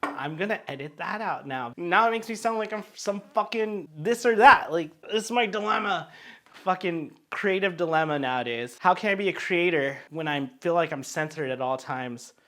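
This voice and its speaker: A man's voice: sits high, expressive, normal speed, sharp tone. A drunk man hosting a casual cooking show, rambling, joking and swearing freely as he cooks in a home kitchen.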